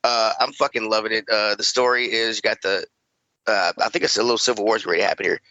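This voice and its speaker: A man's voice: fairly low pitch, fairly even intonation, fast talker, bright, forceful tone, no echo, lo-fi sound. A man co-hosting a podcast in casual chat, talking loosely with lots of fillers and casual swearing. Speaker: podcast co-host.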